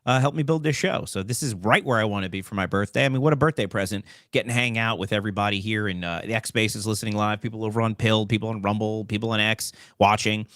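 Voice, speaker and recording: A man's voice: fairly low pitch, fairly even intonation, quick pace, hardly any pauses, fairly bright tone, no room sound, clean studio sound. A man in his forties hosting a comedic talk show, joking and rambling. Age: 40s.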